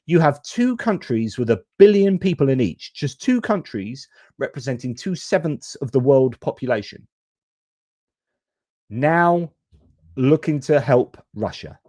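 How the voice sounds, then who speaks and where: A man hosts a live-stream news commentary in a frank, exasperated way, swearing casually. His voice is mellow and warm, and it sounds dry and close. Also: medium pitch, very animated, unhurried, no room sound. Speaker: host.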